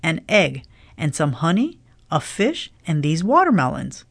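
A woman voicing a kindly, good-natured old man in a storybook reading, easygoing and warm, slipping in Spanish words. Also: sits low, big pitch swings, a little slow, slightly rough, dry recording, heavily acted. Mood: cheerful.

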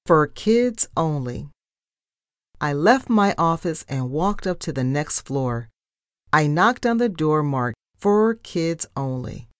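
A woman reading a children's storybook aloud with deliberate, expressive narration. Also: low voice, no echo, clean studio sound. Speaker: storybook reader. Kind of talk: children's book read-aloud.

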